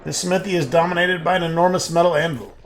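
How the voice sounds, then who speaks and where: A man's voice: fairly high pitch, fairly even intonation, fast talker, noisy background. A man hosting a game playthrough, reading the text aloud with crude, sarcastic remarks. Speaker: let's play host.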